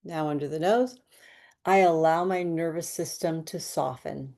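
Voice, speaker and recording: Woman, low mellow voice, calm tapping guide speaking affirmations slowly. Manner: slow, soothing, repeats affirmations for listeners to echo.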